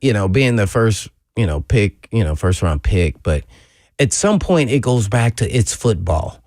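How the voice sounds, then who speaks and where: A man's voice: lowish voice, big pitch swings, measured pace, darkish tone, no room sound, studio quality. A man co-hosting a sports radio show, talking casually and teasing his partner in a loose, conversational way.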